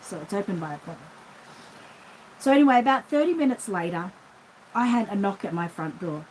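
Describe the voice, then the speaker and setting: A middle-aged Australian woman who owns a reborn doll shop tells a rambling everyday story in a casual vlog, chatty and acting out the voices in her anecdote. Her mid-range voice has lively intonation, a slightly fast pace, and a little mellowness. The low-quality recording carries slight background noise.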